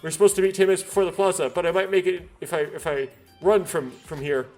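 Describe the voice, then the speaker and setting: A man's voice: sits high, steady tone, quick pace, darkish tone, soft background music. A man reading a visual novel aloud, doing every character's lines in his own voice, with stumbles and self-corrections.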